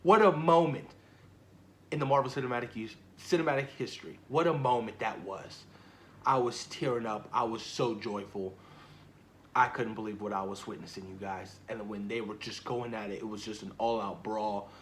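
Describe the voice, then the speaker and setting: A young man in a casual, gushing film review who keeps repeating himself and trails off softly at the ends of lines. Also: on the low side, fairly even intonation, moderate pace, slight background noise. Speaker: movie vlogger.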